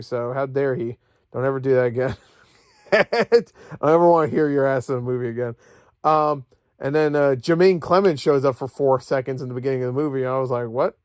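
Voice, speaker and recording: A man's voice: medium pitch, darkish tone, dry recording, studio quality. A young man ranting about a movie from bed, sarcastic, profane and rambling. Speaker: movie vlogger. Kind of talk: casual rant. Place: at home in bed.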